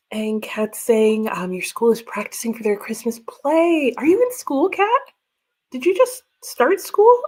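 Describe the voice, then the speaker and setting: A woman's voice: on the high side, warm tone. A woman hosting a casual livestream from her home, chatting, laughing often and reading out viewer comments. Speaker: livestream host. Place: home room with bookshelves.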